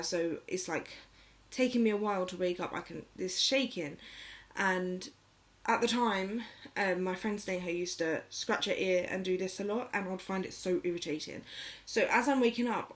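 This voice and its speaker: A young woman casually telling a personal story, rambling with lots of fillers and getting emotional. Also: mid-range voice. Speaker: vlogger.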